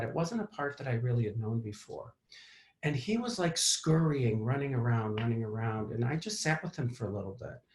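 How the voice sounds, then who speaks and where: A man at mid pitch hosts a therapy talk and shares a personal story in an open, reflective manner. He pauses and restarts often. His voice sits in a roomy, echoing space. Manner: candid and reflective, with fillers and restarts. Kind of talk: personal story told to an audience.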